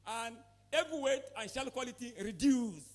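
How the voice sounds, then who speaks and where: In a conference hall, a poultry expert with a Nigerian English accent addresses farmers at a measured pace, his voice extremely high. His talk is emphatic, and he often quizzes listeners with repeated questions.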